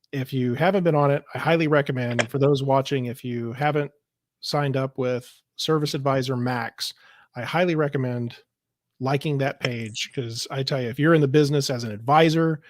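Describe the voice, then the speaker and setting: A podcast host with a medium-pitched voice, recorded dry, chats loosely and laughs easily during a casual show conversation. He's indoors while traveling, using a video call setup, and his rambling talk is full of fillers.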